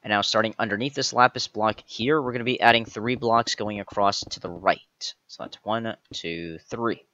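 Bright-voiced man counting blocks aloud. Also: on the low side, normal speed, few pauses, no echo, dull audio. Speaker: tutorial host. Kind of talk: step-by-step game tutorial voice-over.

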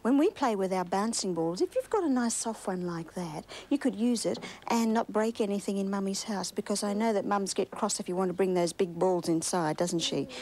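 A woman's voice: medium pitch, fairly quick, hardly any pauses, darkish tone, a little hiss or hum, rough recording. An Australian woman hosting a children's TV show, coaxing and sing-song, full of tag questions for young viewers. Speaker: children's TV host.

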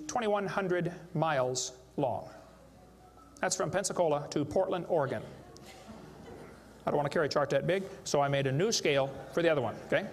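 A man giving a live seminar lecture to an audience, joking and emphatic as he plays to the crowd. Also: fairly high pitch. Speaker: creationist speaker. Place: large hall with a live audience. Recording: echoey hall with faint background noise.

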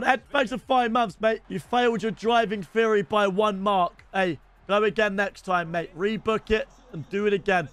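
A young man giving casual, chatty commentary over his gameplay, now and then shouting excitedly at the game. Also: high-pitched, moderate pace, few pauses, clear, resonant tone, no echo. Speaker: streamer.

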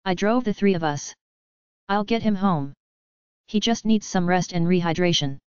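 A woman's voice: on the low side, moderate pace, a little mellow, clean tone, dry recording, natural voice. A woman voicing a stern, protective young man who gives firm orders, in a dull, dry recording. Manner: stern, commanding.

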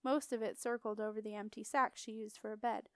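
A woman reads a fantasy chapter aloud with steady expression, her voice fairly high and smooth. The recording is close and completely dry, with no room sound. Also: brisk, dry recording. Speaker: audiobook narrator. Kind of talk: storybook narration.

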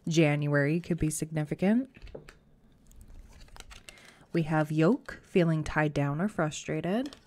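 A woman giving a casual, chatty pick-a-card tarot reading, reassuring and full of fillers, her voice a bit rough today. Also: low voice, slow pace, long pauses, a little mellow. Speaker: tarot reader.

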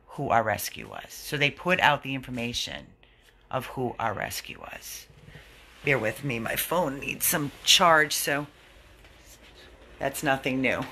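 A man's voice: mid-range voice, pushed and bright. A man who runs an animal rescue, giving an indignant, earnest video update to his followers.

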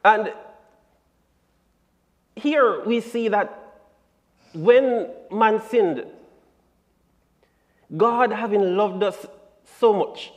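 A man teaching a Bible lesson in church, deliberate and emphatic, leaning hard on key words. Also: high-pitched. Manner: deliberate and emphatic, building to strong stresses. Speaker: Sabbath School lesson presenter. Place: church sanctuary. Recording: long church-hall reverb.

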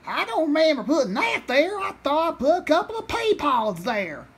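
A woman voicing a bumbling hillbilly farmer out hunting turkey for a puppet show comedy, full of folksy rural slang and loud hollers. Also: sits high, very animated, normal speed. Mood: boastful.

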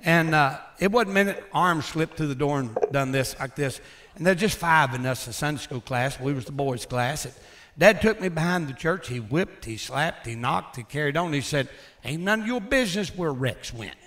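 An older man, a former pastor and builder, tells stories from his life in a folksy, animated way, chuckling as he goes. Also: a little high, normal speed. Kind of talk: casual storytelling.

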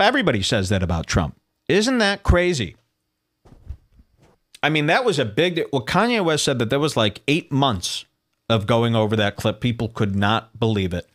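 Male podcast host, solo rant, lively swinging pitch, incredulous. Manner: animated, incredulous ranting, reading posts aloud. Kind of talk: solo commentary show.

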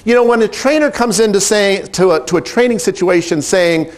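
A middle-aged man who directs animal training, telling a story in a lively, animated way and acting out the quotes. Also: high-pitched, a little fast, hardly any pauses. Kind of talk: storytelling talk.

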